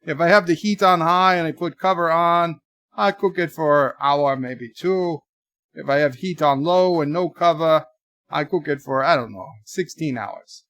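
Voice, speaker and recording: A man hosting a casual livestream, rambling through deadpan joke answers to viewer messages in a put-on mock accent. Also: a little high, normal speed, no room sound, studio quality. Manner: rambling, jokey deadpan nonsense. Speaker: livestream host.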